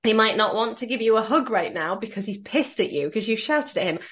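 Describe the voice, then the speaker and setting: A woman hosting a podcast interview, talking earnestly and reflectively and growing animated when she quotes others. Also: on the high side, fairly quick. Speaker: podcast host. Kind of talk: conversational interview.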